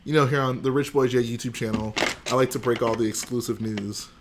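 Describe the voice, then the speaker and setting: Young man, livestream host, casual jokey chat, mid pitch, faint hiss behind. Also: fairly even intonation, a little fast. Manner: joking, chatty, responds to chat.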